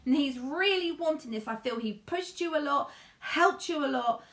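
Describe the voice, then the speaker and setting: A middle-aged woman gives a live psychic reading in a high, light voice. She keeps up a chatty flow, calling her listeners darling and love. The room around her rings with echo. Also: animated, moderate pace, fairly bright tone. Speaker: psychic medium.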